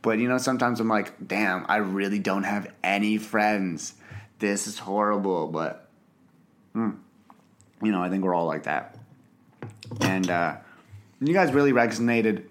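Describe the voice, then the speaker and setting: A man's voice: lowish voice, measured pace, long pauses, slight background noise. Rambling self-deprecating young man. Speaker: podcast host. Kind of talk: casual solo podcast chat. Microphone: podcast mic, filmed for video.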